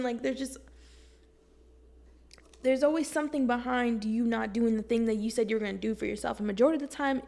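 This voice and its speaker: Blunt, slangy young woman with gravelly fry. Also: fairly high pitch. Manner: blunt, slangy, profane, animated. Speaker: vlogger. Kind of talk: casual self-help monologue to camera.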